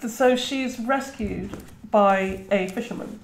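A mid-range female voice moves at a slow pace, with a little hiss or hum in the audio and a roomy echo. She's in her fifties, from Trinidad, speaks British English, and reflects as a guest author in a conversational interview, often restarting and saying "you know."

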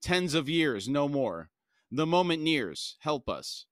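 A man voicing a despairing, childlike giant servant creature that is dying, pleading slowly in a plain reading voice. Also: a little high, very animated, fairly bright tone, no echo, studio quality, pitched above the performer's own voice, exaggerated voice.

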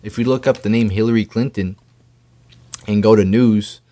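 A man's voice: on the low side, fairly even intonation, moderate pace, mellow. A man ranting angrily about politics, swearing often and stumbling over his words with repeated restarts. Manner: profane, stammering, indignant. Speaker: political commentator. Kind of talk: angry political rant.

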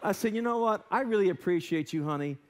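American pastor guy telling a funny story mid-sermon, pretty high voice, super animated, does little voices. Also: fast talker, a little hiss or hum. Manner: animated, self-deprecating storytelling with acted-out voices. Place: church sanctuary.

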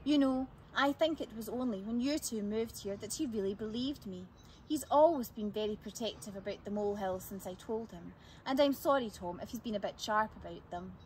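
A woman voicing a kindly, frail old lady in a storybook read-aloud, speaking gently and calling the children "dears". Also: mid-range voice, brisk, slight background noise, close to an everyday voice, low-quality recording. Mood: gentle. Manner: gentle, warm endearments to children.

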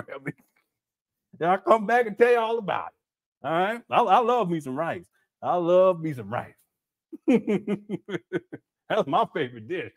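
A man hosting a casual livestream, reading the chat aloud, laughing often and using slang as he calls his viewers family. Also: sits high.

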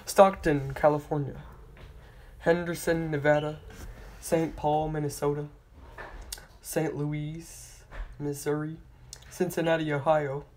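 A channel host slowly reading out a long list of place names, stumbling on hard ones, retrying them and apologizing for mispronouncing. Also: mid-range voice, little pitch movement, darkish tone, slight background noise. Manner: apologetic about pronunciation.

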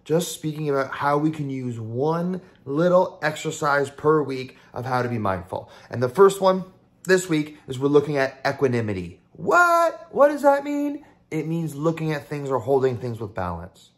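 A man's voice: mid-range voice, animated, moderate pace. Chill therapist guy doing a casual mindfulness talk, upbeat, chatty, acts out little inner voices.

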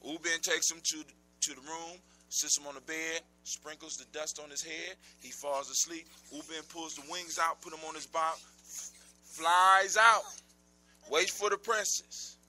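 A man's voice: on the high side, a little slow, slight background noise. A man telling a folk story live, talking straight to his listeners. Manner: animated, addresses listeners directly.

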